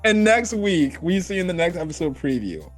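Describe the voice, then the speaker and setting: A man's voice: sits high, moderate pace, soft background music. A man hosting a casual anime review, talking animatedly and swearing freely. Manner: animated, acts out quotes, swears. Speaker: host.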